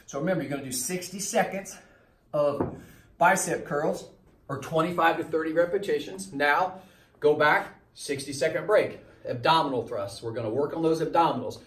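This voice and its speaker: A man's voice: fairly high pitch, normal speed, a bit bright. A man coaching a circuit workout while doing the exercises, a little winded, giving repeated cues on form and timing. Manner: coaching, repetitive cues, demonstrating as he talks. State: slightly winded. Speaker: fitness trainer. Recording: echoey room from a distance.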